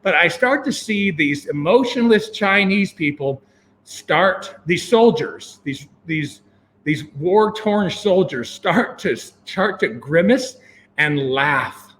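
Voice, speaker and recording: An American man casually telling a long story, acting out his own thoughts in a rambling, animated way. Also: slow, slight background noise. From United States. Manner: animated, acts out his own past thoughts with sudden jumps in pitch; rambling, with many fillers and restarts.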